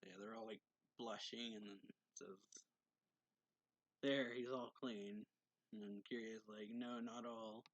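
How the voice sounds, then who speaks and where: A man's voice: lowish voice, lively intonation, moderate pace, gravelly, a bit bright, no room sound, poor audio. A man giving a casual, rambling recap of a manga chapter, reading characters' lines with small lifts in his voice. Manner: retells scenes loosely, acting out characters' lines with slight lifts. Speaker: manga reviewer.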